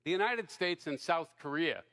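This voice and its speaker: A man delivers a formal debate opening from a podium mic. His voice sits a little high and sounds bright and forceful. He argues in a measured, rhetorical way. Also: animated. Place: large hall before a live audience.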